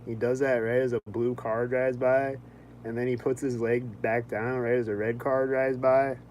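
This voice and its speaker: A young man talking casually in a vlog, rambling and filling his speech with "like", quick to sound annoyed. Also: medium pitch, flat delivery, darkish tone, a little hiss or hum, low-quality recording. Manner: rambling, heavy on "like", quick-tempered. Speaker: vlogger.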